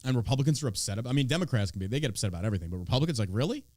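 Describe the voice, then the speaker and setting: A man's voice: mid-range voice, animated, racing, dry recording, studio quality. Profane, sarcastic man ranting on a podcast. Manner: profane, sarcastic, swinging between loud and mocking. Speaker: podcast host. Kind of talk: casual political rant.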